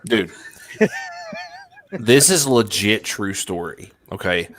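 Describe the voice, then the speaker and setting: Excitable low-voiced man telling stories. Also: slow, a little hiss or hum. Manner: excitable storytelling, swearing. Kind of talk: casual group chat.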